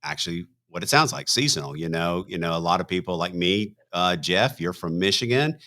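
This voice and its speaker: A man with a very low voice co-hosts an online talk show from a video call. He talks in a relaxed, meandering way, laughing easily as he recaps things for his co-hosts. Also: a little fast. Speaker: co-host. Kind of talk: casual chat.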